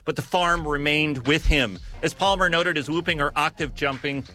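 A man giving scripted narration on music history in a measured, storytelling manner with occasional self-corrections. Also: a little high, bright, forceful tone.

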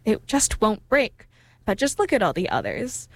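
Fretful mother duck, storybook, fussy, lively, woman reading aloud, higher voice. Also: normal speed, no echo.

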